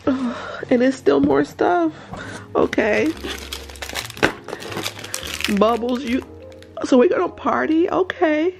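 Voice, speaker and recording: A woman, gushing and gasping excitedly while unboxing gifts at home in a casual vlog. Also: high-pitched, takes it slowly, gravelly, pauses often, muffled recording, soft background music. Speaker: vlogger.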